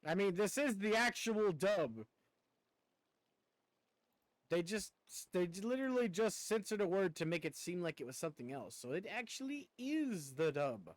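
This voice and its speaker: A man's voice: high voice, sing-song, moderate pace, dry recording. A man streaming a video game, chatting casually as he plays, rambling and stammering and poking fun at himself. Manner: rambling, stammering, self-mocking. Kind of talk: casual gameplay commentary.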